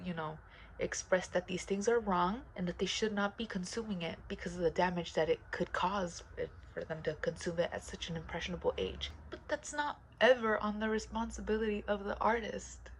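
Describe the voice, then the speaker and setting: A woman vlogger in a casual, rambling commentary, blunt and profane, often dropping into hushed, whispered asides. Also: mid-range voice, slight background noise, poor audio.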